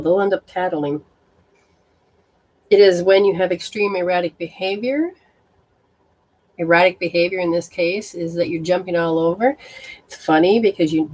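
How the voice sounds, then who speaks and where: A woman's voice: fairly low pitch, darkish tone. A woman hosting a live stream as a spiritual reader, talking casually and bluntly with viewers, swearing and exclaiming as she goes. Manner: blunt and exclamatory, swearing, reacting aloud to sensations.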